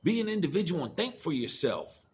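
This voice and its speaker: A man's voice: a little high, sing-song, fairly quick, darkish tone, a little hiss or hum. Middle-aged man ranting bluntly. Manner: profane, preachy, blunt warnings. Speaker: commentator. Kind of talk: casual monologue rant.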